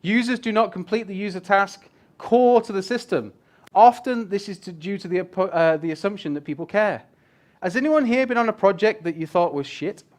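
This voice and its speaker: A man's voice: sits high, moderate pace. A man giving a casual, joking presentation on user experience design to a live audience, swearing now and then. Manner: animated, swears casually, jokes with the crowd. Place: event room with a live audience.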